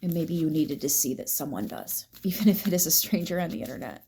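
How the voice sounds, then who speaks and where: A woman giving a tarot reading, emphatic and swearing, dropping now and then into soft whispers. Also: low voice, expressive, a little fast, slight background noise. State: teary at times. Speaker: tarot reader.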